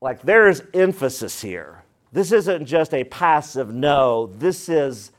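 Male pastor, high voice, emphatic expository preaching, talks right to the congregation. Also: sing-song, slow, hardly any pauses. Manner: emphatic, repeats phrases for weight; addresses the congregation directly. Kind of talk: expository sermon.

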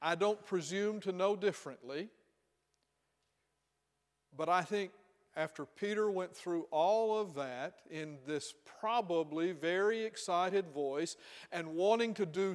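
Man preaching a slow sermon, church hall reverb. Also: sits high. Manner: storytelling, questioning the listeners.

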